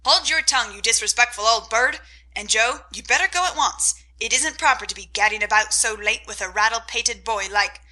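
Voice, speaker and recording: A woman voicing a gruff, sharp-tongued rich old aunt in a storybook reading. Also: a little high, moderate pace, hardly any pauses. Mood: scolding. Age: older. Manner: gruff and scolding.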